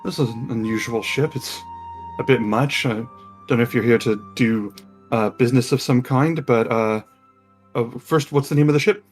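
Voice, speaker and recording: A man's voice: medium pitch, moderate pace, husky, close to an everyday voice. GM voicing a skeptical male dock clerk, businesslike, over faint music. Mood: wary. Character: wary male dock record keeper.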